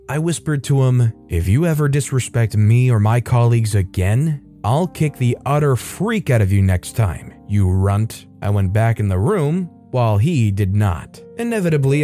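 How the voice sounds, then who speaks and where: A man narrates a story in a measured, even manner, his voice mellow and warm rather than bright. Faint music plays underneath the reading. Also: medium pitch. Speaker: storytime channel host.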